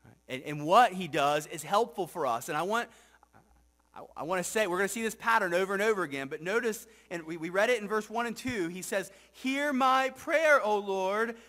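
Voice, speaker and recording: A male pastor preaching a reflective sermon to a congregation, asking rhetorical questions and often dropping soft and low for scripture. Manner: asks the congregation rhetorical questions, frequent "right?". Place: church sanctuary with congregation.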